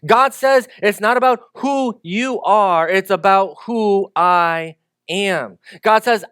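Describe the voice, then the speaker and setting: High-voiced man preaching conversationally. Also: slow, fairly bright tone, clear, resonant tone, no room sound, studio quality. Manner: conversational with joking asides. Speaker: pastor. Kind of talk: sermon.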